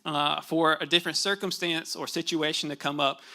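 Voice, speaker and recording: A young man giving a casual, conversational sermon in a church, relaxed and chatty, with fillers and asides to the congregation. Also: fairly high pitch, normal speed. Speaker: pastor. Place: church sanctuary.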